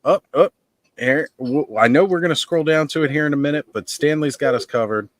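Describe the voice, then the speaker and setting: A man hosting a livestream, chatting casually about toy collecting in a relaxed, rambling way. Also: on the high side, brisk, no room sound. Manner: relaxed, rambling, thinks aloud. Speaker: livestream host.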